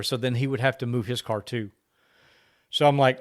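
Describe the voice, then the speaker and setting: A man co-hosting a relaxed podcast, recounting a run-in at the racetrack. He talks in an easygoing, conversational way and slips into the voices of the people he quotes, his pitch sitting in an ordinary middle range. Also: a little fast. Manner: animated anecdote-telling, acting out quoted exchanges. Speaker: podcast co-host. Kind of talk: casual storytelling chat.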